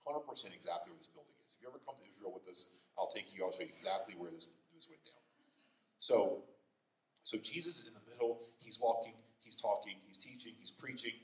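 A man's voice: lowish voice, fairly quick, far from the mic. Conversational male pastor, roomy church sound. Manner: conversational, animated, frequent "okay?" and "right?" check-ins. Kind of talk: sermon. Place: church sanctuary. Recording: roomy, from the mic.

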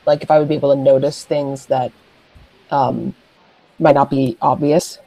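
A woman playing a tabletop game, speaking hesitantly and slowly. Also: extremely low pitch, fairly even intonation, dark tone, no echo, poor audio. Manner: hesitant and slow. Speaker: player.

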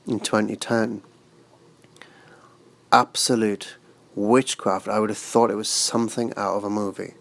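Low, gravelly male guest, dry close sound, halting and frank. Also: little pitch movement, a bit bright. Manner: halting, restarts words, crude and frank. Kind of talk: casual interview chat.

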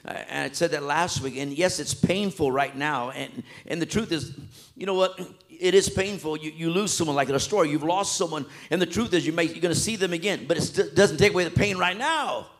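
Preacher, male, fairly high voice, impassioned sermon delivery, rises loud then drops to a hush, plain colloquial talk. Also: fairly quick, few pauses. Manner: impassioned, swinging between loud emphatic peaks and hushed soft passages; colloquial, with repetitions and restarts.

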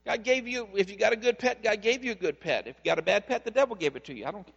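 A male pastor preaching a sermon, telling a story in a conversational, animated way. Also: sits high, racing, vocal fry, breathy edge, in a large hall, dull audio.

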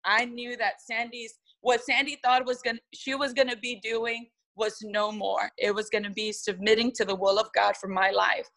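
A woman's voice: a little high, level tone, normal speed, vocal fry, hardly any pauses, a bit bright, low-quality recording. A woman lead pastor, from the United States, telling an earnest and emotional testimony in a podcast interview.

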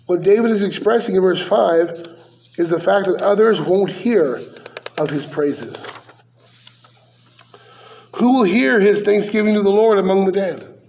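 Male pastor, high-pitched, conversational verse-by-verse sermon delivery with rhetorical questions. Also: animated, unhurried, pauses often, darkish tone.

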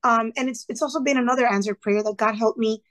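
A woman talking as a podcast guest, telling stories in a lively way and acting out the dialogue, with a few Spanish phrases mixed in. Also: a little high, quick pace. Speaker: podcast guest, retired teacher. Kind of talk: casual storytelling interview.

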